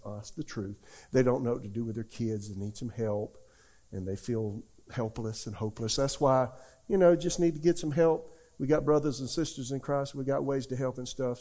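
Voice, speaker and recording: In a conversational sermon, a middle-aged pastor fields questions in a folksy, animated style. His voice sits in the mid range, and he spins stories while peppering listeners with rhetorical questions.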